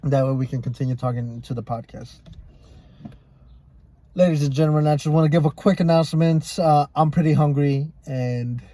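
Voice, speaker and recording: A man's voice: on the high side, fairly even intonation, moderate pace, mellow, no echo. A young man hosting a casual podcast, talking loosely and profanely and often repeating himself. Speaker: podcast host.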